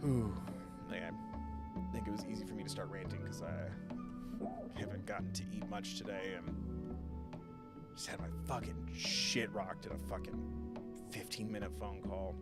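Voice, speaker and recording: A man's voice: lowish voice, fairly even intonation, normal speed, creaky, long pauses. Man venting over game music. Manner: frustrated venting, frequent swearing. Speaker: gaming streamer. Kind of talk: casual live gameplay chat.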